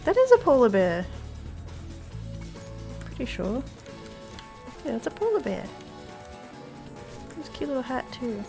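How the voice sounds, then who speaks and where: Giggly gravelly-voiced woman streamer. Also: fairly high pitch, big pitch swings, unhurried, pauses often, mellow. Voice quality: chatty, giggly, easily startled. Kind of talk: casual gameplay chat. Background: faint game music.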